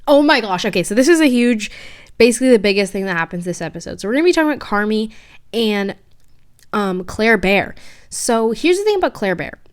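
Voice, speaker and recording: A woman's voice: medium pitch, lively intonation, fairly quick. Chatty young woman. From San Francisco Bay Area. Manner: chatty, slangy, rambling asides, swears. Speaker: TV show reviewer. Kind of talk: casual recap vlog.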